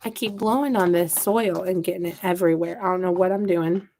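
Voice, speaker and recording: A woman's voice: fairly low pitch, fairly even intonation, fairly quick, darkish tone. A woman from the Midwest putting on a Southern accent, chatting and joking to her viewers and talking to her seedlings as she works. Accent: put-on Southern US. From American Midwest. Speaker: gardening channel host. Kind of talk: casual live-stream chat while working.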